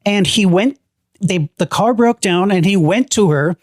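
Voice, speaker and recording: A man's voice: high-pitched, measured pace, dry recording, clean studio sound. A man co-hosting a horror podcast, talking in a laid-back, wry way. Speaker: podcast co-host. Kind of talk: casual chat.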